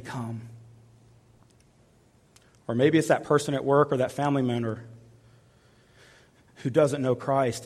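Man preaching in an echoing hall. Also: mid-range voice. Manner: emotive preaching, drops to soft intimate tones. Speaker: pastor. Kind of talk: sermon. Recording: long reverb of a large hall.

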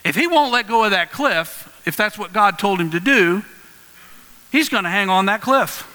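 A male pastor preaching a sermon in an earnest, conversational way with lively storytelling. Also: high voice, moderate pace. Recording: long hall reverb.

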